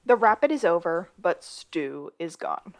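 A woman co-hosting a casual podcast recap of a TV episode, moving between high excited bursts and low asides. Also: measured pace. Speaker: podcast co-host.

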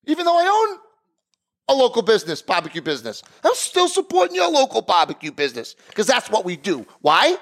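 A middle-aged man rants through a story, throwing his voice around as he plays himself and the other guy. His pitch sits a bit high and jumps all over. He sounds excitable and theatrical. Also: quick pace, few pauses. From Italian heritage. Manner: excitable, acts out both sides of conversations. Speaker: podcast co-host, barbecue business owner. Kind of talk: animated storytelling rant.

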